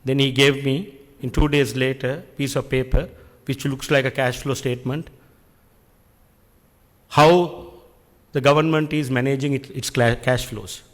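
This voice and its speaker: A middle-aged man, giving an earnest, deliberate speech at an industry function and posing rhetorical questions. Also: medium pitch, fairly even intonation, big-room sound. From Sri Lanka. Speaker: public speaker addressing an industry function. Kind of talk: speech at an event. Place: function hall.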